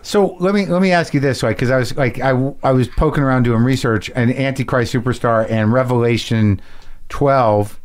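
A man's voice: medium pitch, normal speed. A man hosting a casual interview, asking questions in an eager, loose way. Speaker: host.

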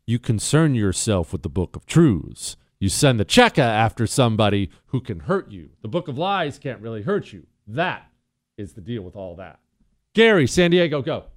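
A man hosting a talk radio show, wisecracking and taking callers with a lively, emphatic delivery. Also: normal speed. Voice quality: animated, wisecracking, swings pitch up for emphasis.

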